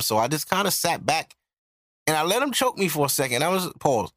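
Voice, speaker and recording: A man's voice: a little high, very animated, a little fast, fairly bright tone, no room sound. Thirty-something guy on his podcast, cussing and telling a story straight, dry close sound. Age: 30s. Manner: blunt, profane, reflective. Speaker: podcast host. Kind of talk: casual storytelling.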